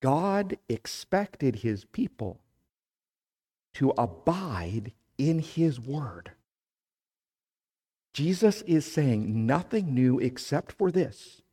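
Man, pastor, sermon, slow and deliberate, emphatic scripture reading. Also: mid-range voice, sing-song, mellow, husky.

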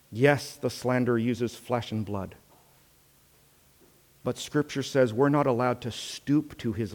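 Slow, earnest man preaching. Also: medium pitch, long reverb tail. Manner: earnest, rhetorical questions, swings from loud to hushed. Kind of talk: sermon.

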